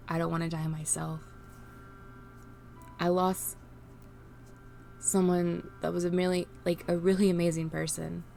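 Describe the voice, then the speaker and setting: A woman vlogging unscripted while grieving, near tears, pleading and halting with restarts. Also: low-pitched, vocal fry, dark tone, slight background noise. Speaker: streamer and vlogger. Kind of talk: unscripted emotional vlog.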